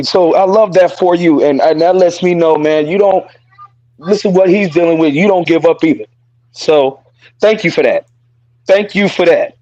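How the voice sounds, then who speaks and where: A man's voice: fairly high pitch, normal speed, mellow, dry recording, muffled recording. Earnest man speaking from the heart. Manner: earnest, repeats phrases, curses freely. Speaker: podcast co-host. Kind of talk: casual heartfelt podcast talk.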